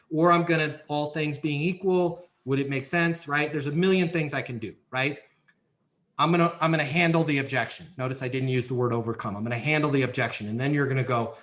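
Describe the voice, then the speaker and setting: A man with a fairly high voice talks on a podcast in a coaching style. He is emphatic and checks in often with quick tag questions. His tone is bright and forceful. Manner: emphatic, repeats key phrases, frequent "right?" and "okay?". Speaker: guest speaker on leasing and renewals. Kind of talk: energetic coaching talk with role-played examples.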